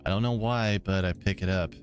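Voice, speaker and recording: A man's voice: low voice, fairly even intonation, fairly quick, faint music behind. A man streaming a visual novel, reading the story aloud with laid-back commentary, swearing asides and chuckles. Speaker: let's play streamer.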